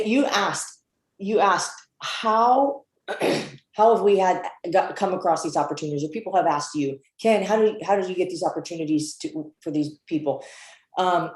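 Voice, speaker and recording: An earnest woman guest with a somewhat low voice who often restarts her sentences. Her voice rings with room echo. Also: a little mellow. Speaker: interview guest. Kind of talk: casual interview chat.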